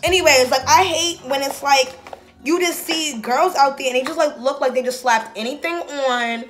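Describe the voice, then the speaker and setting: A sassy, talkative woman chatting to her viewers as she gets ready for a night out. Her voice sits a little high, and she keeps calling them baby and y'all. Soft music plays faintly underneath. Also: moderate pace. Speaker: beauty vlogger. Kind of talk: casual get-ready-with-me chat.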